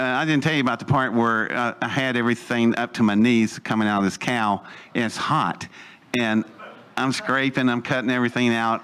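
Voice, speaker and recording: A man's voice: medium pitch, fairly bright tone. An older man telling a rambling, folksy story to an audience, acting out the voices of people he quotes. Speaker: speaker telling his life story.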